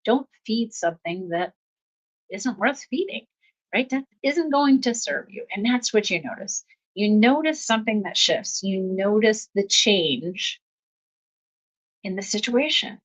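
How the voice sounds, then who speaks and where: Calm woman host, self-help talk. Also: mid-range voice, unhurried, poor audio. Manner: calm, repetitive coaching phrasing with soft laughs. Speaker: podcast host.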